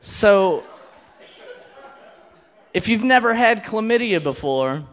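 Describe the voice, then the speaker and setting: A man's voice: high-pitched, lively intonation, takes it slowly, fairly bright tone, muffled recording. A man in his thirties doing a stand-up comedy set, telling a crude story with brash, profane delivery and quoted voices.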